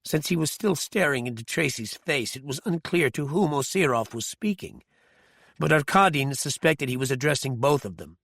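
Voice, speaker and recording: Male audiobook narrator, gravelly, dry close studio sound, measured thriller reading. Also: on the high side, animated, a bit bright, no echo.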